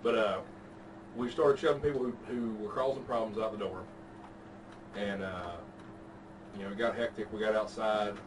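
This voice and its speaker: Casual man, podcast host telling a profane anecdote, mid-pitched voice, far from the mic with noise behind him. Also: fairly even intonation, moderate pace, long pauses. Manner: laid-back, profane storytelling. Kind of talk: casual chat. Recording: distant mic with background noise.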